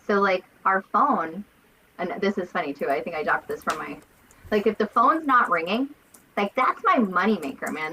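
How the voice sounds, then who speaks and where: A woman co-hosting a casual book discussion, talking in an animated, emphatic way. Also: mid-range voice, normal speed, a little hiss or hum, low-quality recording. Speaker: podcast co-host.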